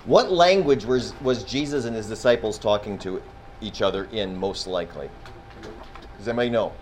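A man's voice: fairly low pitch, moderate pace, slight background noise, poor audio. A man teaching a Bible class in a classroom, talking casually, quizzing his students and often restarting his sentences.

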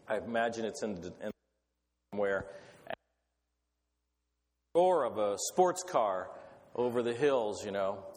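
A man's voice: on the low side, a little mellow. A man opening with a prayer and telling stories in an earnest, rambling way, stopping and starting often. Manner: earnest, rambling, with hesitant restarts. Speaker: guest speaker. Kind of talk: sermon with prayer and anecdotes. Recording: echoey hall, faint background noise.

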